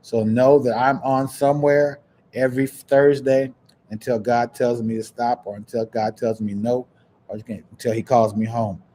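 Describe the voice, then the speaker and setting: A man hosting a podcast, chatting casually and preaching encouragement in a warm, churchy way. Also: medium pitch, steady tone, moderate pace, slight background noise. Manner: warm, churchy, breaks into laughs and sing-song. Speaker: podcast host. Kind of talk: casual livestream chat, preachy sign-off.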